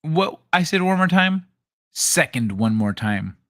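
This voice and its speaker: Here the late-night stream host sounds rather high and sing-song, a bit bright, and in no hurry. This middle-aged man keeps things casual with his audience, cracking jokes with the chat and cursing without restraint.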